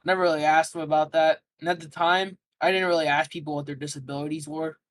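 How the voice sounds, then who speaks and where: Fielding interview questions in a relaxed way, a young man meanders through a story, stumbling over lots of fillers and restarts. He talks quickly in a flat, fairly high-pitched voice, and the recording is rough.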